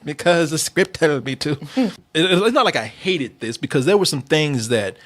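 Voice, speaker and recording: Male review-show host, bit high-pitched, rambling and laughing through his takes. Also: lively intonation, moderate pace, fairly bright tone. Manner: loose, laughs often, many fillers and restarts. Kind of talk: casual review chat.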